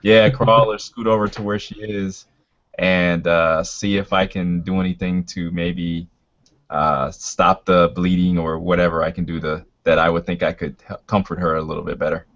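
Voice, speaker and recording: A man with a very low voice talks through his turn in a tabletop game, hesitant and filling pauses as he thinks. The sound is dull and lo-fi, like a voice call. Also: little pitch movement, fairly bright tone. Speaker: player. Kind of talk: casual tabletop game talk. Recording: dull lo-fi voice chat audio.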